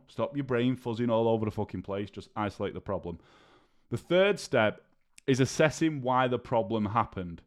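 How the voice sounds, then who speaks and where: A man hosting a solo podcast as a diabetes coach, talking bluntly and casually and swearing freely. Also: mid-range voice.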